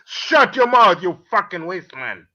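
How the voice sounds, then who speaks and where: Caller: man, high, animated delivery, ranting and taunting in a heated stream argument. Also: measured pace, muffled recording. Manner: abusive, shouting insults, taunting.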